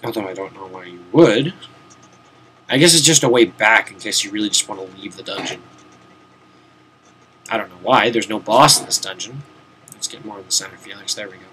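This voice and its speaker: A young VTuber game streamer, tired and yawning at his desk at home, rambles through casual commentary on his game, talking to himself and swearing occasionally. His voice is on the low side with a sharp tone, a little fast with long pauses, and there's a faint hiss or hum.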